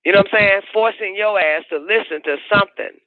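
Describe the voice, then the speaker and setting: A man's voice: high voice, fairly quick, dry recording. A man hosting a call-in radio show, delivering a profane, preachy monologue and repeating his points. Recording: dry, narrow phone-like sound.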